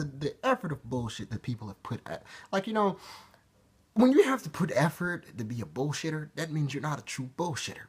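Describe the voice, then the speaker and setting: A man's voice: a little high, husky. A man talking to camera in a rambling, profane vlog monologue that keeps interrupting itself. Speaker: vlogger.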